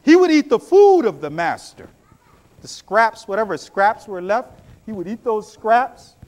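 A man preaching a sermon, telling stories with animated swings between loud bursts and low hushed asides. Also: unhurried.

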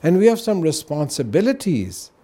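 A man with a fairly high, mellow voice talks in an earnest, explanatory way. He keeps checking in with his listener through "right?" and "you know" as he works through his points. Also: big pitch swings, moderate pace, husky. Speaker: guest on a religious talk show. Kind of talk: casual explanatory talk.

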